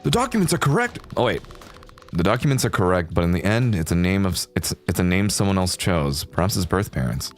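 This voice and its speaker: A man voicing a composed adult male doctor who speaks in a calm, measured, polite way. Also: low-pitched, faint music behind.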